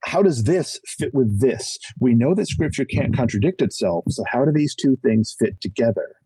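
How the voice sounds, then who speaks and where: A middle-aged man speaking as a podcast guest, his husky, mellow voice swinging widely in pitch as he preaches with emphasis. He pokes fun at himself along the way. The sound is close and dry. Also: animated, normal speed, dry recording, rough recording. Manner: self-deprecating humor. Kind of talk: animated conversational testimony.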